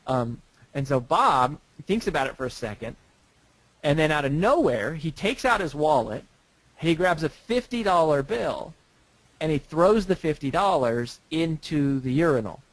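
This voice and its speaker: A man's voice: a little high, big pitch swings, normal speed, no room sound, poor audio. A man who is a guest author, talking casually and telling stories, often repeating words as he starts a sentence. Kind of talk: casual interview talk.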